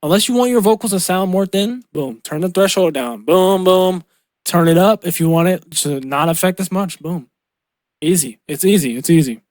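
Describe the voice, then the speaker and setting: A young man teaching vocal mixing in a loose, slangy way, calling out "bro" and "boom" as he works. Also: normal speed, a little mellow, no echo, clean studio sound. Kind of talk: casual screen-recorded tutorial. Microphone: close studio mic.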